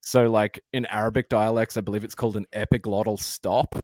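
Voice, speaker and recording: A man's voice: on the low side, level tone, a little fast, darkish tone, dry recording, studio quality. A man with an Australian accent, a podcast guest rambling through casual explanations with plenty of fillers. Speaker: podcast guest, former band vocalist.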